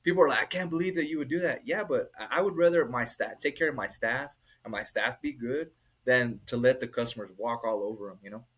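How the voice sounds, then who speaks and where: A man's voice: medium pitch, fairly quick, husky, rough recording. A middle-aged man, a restaurant owner, telling stories in a casual interview and acting out the people he quotes. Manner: animated, acts out quoted people.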